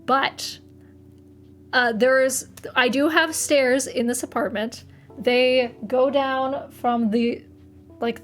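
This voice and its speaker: A young woman streamer chatting casually to her live audience, rambling, swearing freely and laughing often. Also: fairly high pitch.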